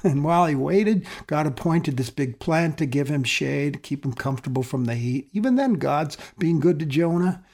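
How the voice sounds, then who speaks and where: Man, pastor, sermon, earnest, somewhat high voice, loud emphasis then soft phrases. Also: animated, moderate pace, hardly any pauses.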